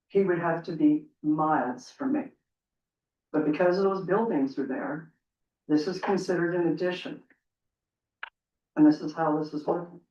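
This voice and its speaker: A woman resident making an earnest, impassioned plea at a council meeting. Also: low voice. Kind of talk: public comment at a council meeting. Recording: roomy, distant, dull room sound.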